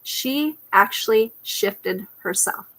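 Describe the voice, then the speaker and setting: A woman's voice: mid-range voice, expressive, takes it slowly, fairly bright tone. A woman parenting coach telling a personal story on a talk show over a video call, reflective, now and then putting on her child's pleading voice.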